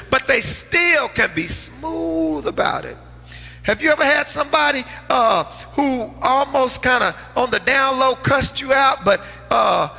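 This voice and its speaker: Man, middle-aged pastor, storytelling sermon, bright husky voice, long church reverb, faint music. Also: very high voice. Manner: storytelling preacher, swings from loud to hushed. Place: church sanctuary.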